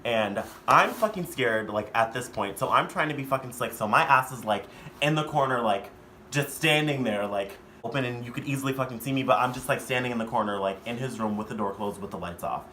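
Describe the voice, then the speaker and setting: A man's voice: medium pitch, a little fast, pushed and bright, slight background noise. A young man telling a storytime vlog in a casual, profane, rambling way. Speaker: vlogger.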